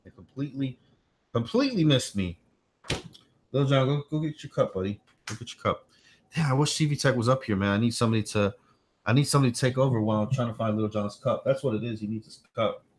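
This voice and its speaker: A man chatting casually on a home livestream, his voice sitting at an ordinary middle pitch. He rambles, circles back over the same points and keeps turning aside to coax his little boy. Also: quick pace, slight background noise. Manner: rambling, repeats himself, talks to his small son on stream. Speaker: tech channel host.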